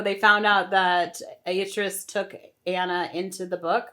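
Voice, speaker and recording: A woman's voice: medium pitch, level tone, measured pace, sharp tone. A woman co-hosting a casual book club podcast, animatedly retelling the plot and acting out characters' lines. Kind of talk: casual chat.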